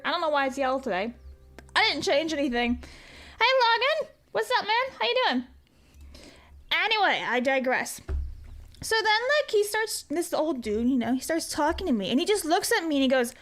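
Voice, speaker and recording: Woman streamer, very high voice, rambling and foul-mouthed, faint music underneath. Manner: rambling, swears freely, laughs at her own stories; chatty and animated while reading donations. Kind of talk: casual live-stream chat.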